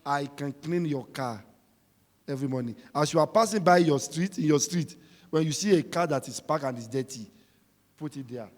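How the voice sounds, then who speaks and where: A man preaching a sermon, emphatic and repetitive, swinging between shouting and quiet talk. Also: on the high side, normal speed, long reverb tail.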